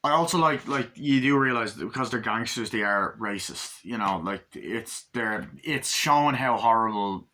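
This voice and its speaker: A man talks through a film he loves in a loose, rambling way, full of fillers and swearing. His voice sits at an ordinary pitch with a bright, forward edge. He keeps breaking into the film's lines as he retells the plot. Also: moderate pace, hardly any pauses. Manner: retells scenes by acting out lines in raised, shouty voices, heavy swearing. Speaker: movie reviewer. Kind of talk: casual spoken movie review.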